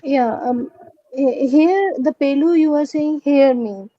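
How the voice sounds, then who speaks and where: A woman's voice: sits high, no echo, lo-fi sound. Hesitant woman student on a call. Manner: hesitant, halting, many fillers. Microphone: video call.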